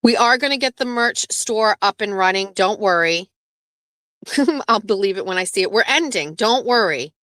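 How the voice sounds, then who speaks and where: A woman's voice: medium pitch, moderate pace, a bit bright, no room sound. A woman hosting a casual live stream, chatting loosely, swearing freely and reading viewer messages aloud. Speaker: livestream host.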